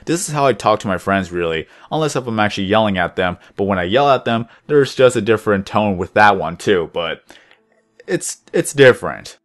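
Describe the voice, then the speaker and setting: A young man rambling through casual commentary over his gameplay video, deliberately lifting his voice above his natural low tone. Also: lively intonation. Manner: rambling, chatty, self-reflective. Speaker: gaming channel host.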